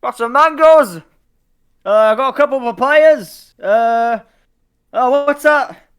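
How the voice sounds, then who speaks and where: A man's voice: very high-pitched, slow, fairly bright tone, clean tone, pitched above the performer's own voice, heavily acted. A man voicing a jolly male fruit merchant sailor with a folksy, hesitant drawl. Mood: chatty.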